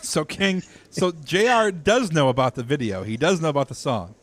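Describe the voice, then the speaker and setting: A man's voice: on the high side, animated, normal speed. Hesitant man, podcast cohost. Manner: hesitant, filler-heavy, reads out comments. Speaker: podcast co-host. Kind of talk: casual chat.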